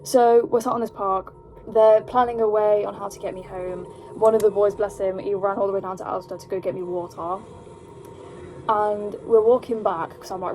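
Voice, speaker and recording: A young woman with an English accent telling a rambling, animated story at home while doing her makeup, full of "like". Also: mid-range voice, normal speed, slight background noise, low-quality recording. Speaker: vlogger. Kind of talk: casual storytime chat.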